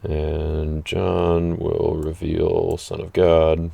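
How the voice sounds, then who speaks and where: A man's voice: rumbling low, monotone, very slow, gravelly, warm tone, no echo. A man hosting a channel, chatting casually and thinking aloud through a card game with many fillers. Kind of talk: casual gameplay chat. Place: playing an online card match.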